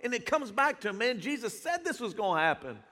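A man's voice: very high-pitched, very animated, brisk, sharp tone. A man preaching a sermon as pastor in a casual, slangy style, speaking in a church. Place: church sanctuary. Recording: reverberant church hall.

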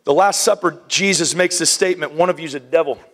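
A man preaching a sermon, animated, acting out scenes with hushed whispers and playful voices. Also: fairly high pitch, fairly quick.

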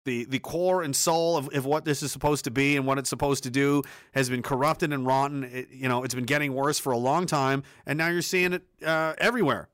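A man's voice: mid-range voice, steady tone, brisk, few pauses, a bit bright, dry recording, clean studio sound. A man from Canada hosting a ranting commentary show, sarcastic and heavily profane, reading comments and reacting to headlines. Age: adult, ex-soldier. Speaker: commentary host.

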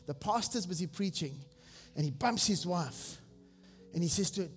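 A senior pastor preaching a sermon, exhorting the congregation and asking them questions. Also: male voice, high voice, animated, moderate pace. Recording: long reverb with faint music.

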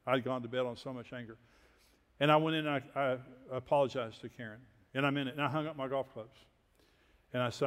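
Folksy older preacher in a reverberant hall. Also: male voice, mid-range voice, steady tone, quick pace, clear, resonant tone. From Texas. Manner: folksy, self-deprecating storytelling with quiet asides. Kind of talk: sermon storytelling.

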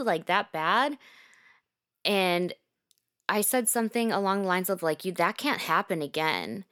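A woman hosting a podcast, telling a personal story in a candid, emotional way with frequent swearing. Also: fairly low pitch.

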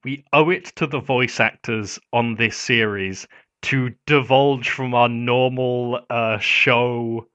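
A man's voice: medium pitch, steady tone, slow, pushed and bright, dry recording. A man co-hosting a podcast in casual chat, enthusiastic with wry humor. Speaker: podcast co-host. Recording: dull lo-fi podcast audio.

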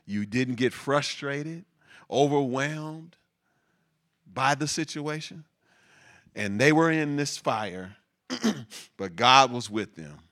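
A man preaching a sermon, reading scripture and breaking into animated, laughing asides with repeated words for emphasis. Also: mid-range voice, takes it slowly, long pauses.

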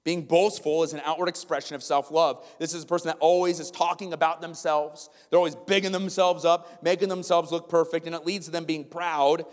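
A male pastor delivering a sermon in a church, moving between easy conversation with joking asides and emphatic preaching. His voice sits slightly high, and a long hall reverb trails every phrase. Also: flat delivery, a little fast, few pauses. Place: church auditorium.

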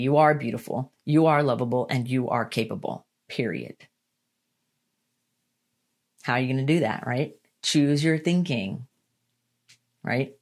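A woman giving a motivational self-help talk, earnest and emphatic, repeating her key lines and slowing down to stress them. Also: very deep voice. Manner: slows down to stress points. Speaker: motivational speaker.

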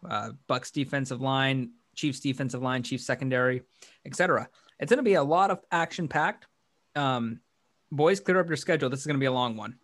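A man's voice: medium pitch, brisk, fairly bright tone. Rambling man hosting a sports podcast. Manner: rambling, restarts often, upbeat. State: hiccuping. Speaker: podcast host. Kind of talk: casual sports podcast chat.

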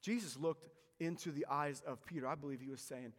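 A man delivering a dramatic sermon, his voice a touch higher than most men's. He swings between loud, pressing emphasis and quiet, hushed phrases, and a long reverb trails through the large hall. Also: brisk. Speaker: pastor.

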